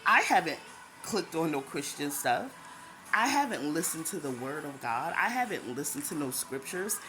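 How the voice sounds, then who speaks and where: A woman's voice: sits low, sing-song, moderate pace, pushed and bright, rough recording. A woman telling her faith testimony as a casual, chatty personal story. She repeats herself often and laughs now and then. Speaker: vlogger sharing a faith testimony. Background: background music.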